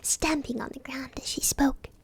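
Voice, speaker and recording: High, husky whispering woman storyteller. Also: fairly even intonation, moderate pace, dry recording. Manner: soft unvoiced whispering. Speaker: streamer reading a bedtime story. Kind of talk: whispered role-play.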